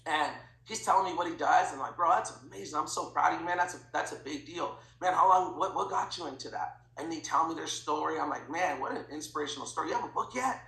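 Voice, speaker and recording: A man talking as a guest in an interview, telling stories in an animated way and acting out the dialogue. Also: a little high, fast talker, gravelly, few pauses, roomy sound, poor audio. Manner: animated, acts out quoted dialogue. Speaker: podcast guest, financial educator. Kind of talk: energetic storytelling interview.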